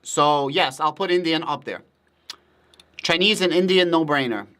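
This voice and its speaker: A man's voice: fairly high pitch, moderate pace, pushed and bright. A man for whom Russian is a first language, hosting a casual livestream, answering viewer comments in a blunt, profane and emphatic way. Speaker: livestream host.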